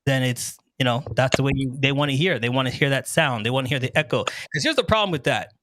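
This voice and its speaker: A man hosting a casual show, talking in an animated, joking way and laughing often, on a close handheld microphone. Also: mid-range voice, fast, no echo. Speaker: host and wedding MC. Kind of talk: casual talk show chat.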